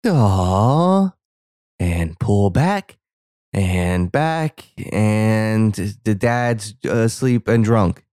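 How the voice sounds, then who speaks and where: A young man gives casual reaction commentary over a movie, full of sarcastic asides. His voice sits on the low side. The recording is dry and close, with no room sound. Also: expressive, drawn-out words, a little mellow, no echo.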